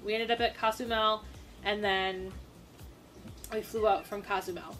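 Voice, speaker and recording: A young woman from Minnesota telling a personal story to the camera in a casual, animated way, with quick asides and acted-out quotes. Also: mid-range voice, faint music behind. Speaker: storytime vlogger.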